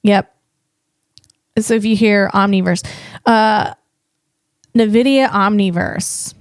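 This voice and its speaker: Woman podcast host, slow, clear voice, dry close sound, rambling and self-correcting. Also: mid-range voice, fairly even intonation, dry recording. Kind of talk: casual solo podcast talk.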